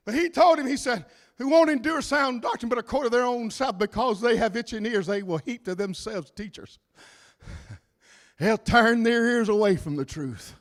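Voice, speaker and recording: A man pastor preaching a fiery sermon, shouting out lines and dropping to a hush. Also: extremely high pitch, normal speed. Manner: shouting, swinging from loud to hushed.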